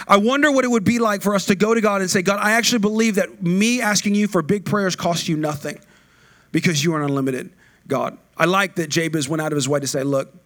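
A middle-aged man preaching a sermon, chatty and informal, rising to loud call-and-response with the congregation. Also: high-pitched. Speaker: pastor.

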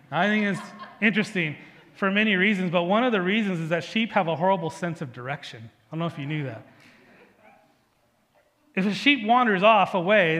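A man's voice: high voice, a bit bright. Man preaching in a reverberant church. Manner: conversational preaching with personal stories and frequent "right?". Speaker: pastor. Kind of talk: sermon. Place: church sanctuary.

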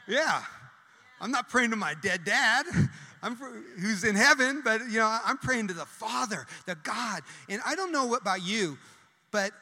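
A man preaching a sermon, talking fast with many restarts and repetitions. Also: high-pitched, pushed and bright, big-room sound.

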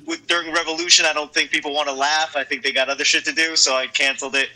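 A man's voice: fairly high pitch, level tone, fast, sharp tone, rough recording. A man from Boston, a comedian, telling a story in a casual, laid-back, self-deprecating way. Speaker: guest comedian.

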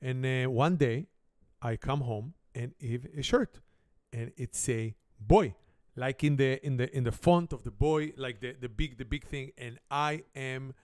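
Playful Israeli-accented family game host. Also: male voice, mid-range voice, unhurried, dry recording, studio quality. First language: Hebrew. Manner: broken English grammar, animated comic storytelling. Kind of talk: playful storytelling and game hosting.

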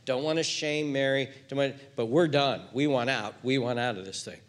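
A man voicing a firm middle-aged father calling off a marriage contract in a blunt, hushed way. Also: mid-range voice, fairly quick, pitched below the performer's own voice, lightly acted.

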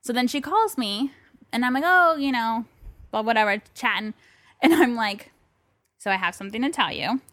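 A woman co-hosts a relaxed chat podcast from a bedroom. She tells a personal story in a lively way and acts out both sides of a phone call. Her voice sits a little high and sounds dry and close. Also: normal speed, no echo. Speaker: podcast co-host. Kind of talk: casual chat.

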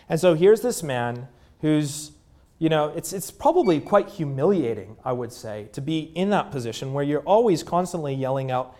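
A man in his thirties preaching a sermon in a conversational way, with fillers, dropping to a hushed voice at tender moments. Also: a little high, expressive, moderate pace. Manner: drops to a hushed voice at moving moments. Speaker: pastor.

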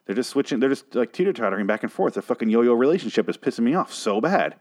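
A hoarse man reviewing a TV episode in a casual, rambling way, swearing and restarting his sentences in exasperation. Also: medium pitch, big pitch swings, quick pace, a little mellow.

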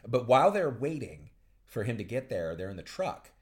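A man's voice: mid-range voice, normal speed. A man co-hosting a casual podcast, eagerly retelling a movie plot and acting out the characters' lines. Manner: animated storytelling, acts out characters' lines. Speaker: podcast co-host. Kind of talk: casual movie recap chat.

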